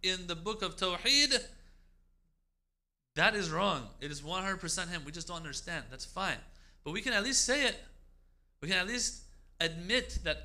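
A man's voice: fairly high pitch, lively intonation, normal speed, pauses often, bright, forceful tone. A man giving a religious lecture, speaking emphatically, asking rhetorical questions and quoting Arabic prayers.

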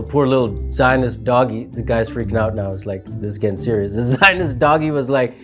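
A man's voice: mid-range voice, fairly quick, hardly any pauses, music in the background. A man giving a rambling, casual monologue commentary, full of fillers and mocking asides. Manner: rambling, heavy with fillers, mocking put-on voices. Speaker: political commentator.

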